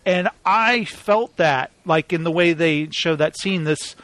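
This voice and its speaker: Rambling and animated in a casual chat about TV shows, this man talks at length, performing quoted lines as he goes. His voice is fairly high, he takes it slowly, and there's no room sound.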